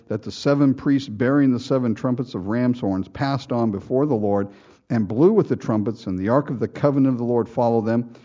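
Man preaching slowly, warm and mellow, with a folksy style and lo-fi sound. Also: mid-range voice. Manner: folksy preaching with rhetorical questions and mock quotes. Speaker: pastor. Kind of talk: sermon.

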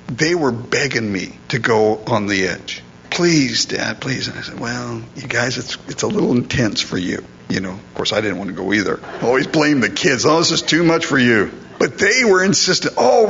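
A middle-aged man preaching a sermon in a conversational, storytelling way, acting out quotes along the way. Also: mid-range voice. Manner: conversational, anecdotal, animated when acting out quotes. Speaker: pastor. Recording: slightly dull, faint hum.

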